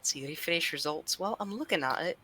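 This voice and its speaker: A woman with a bright, sharp voice chats playfully on a gaming stream. She keeps toying with silly accents and voice tricks, joking with friends. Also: fairly low pitch, lively intonation, a little fast, slightly rough. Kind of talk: casual chat on a gaming stream.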